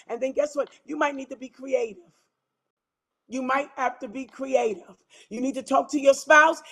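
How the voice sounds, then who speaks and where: A woman pastor, preaching and praying in rhythmic, repeated declarations. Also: sits high. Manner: exhorting, repetitive, rhythmic declarations. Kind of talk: preaching talk and prayer.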